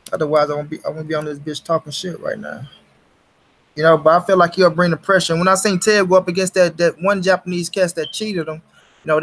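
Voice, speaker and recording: Man, livestream host, casual chat to viewers, slangy, profane, slightly high-pitched.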